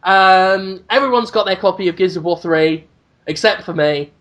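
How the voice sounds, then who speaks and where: A man's voice: sits high, normal speed, a bit bright. Man, podcast host, ranting, swearing, casual chat. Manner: ranting, swearing, mocking put-on voices.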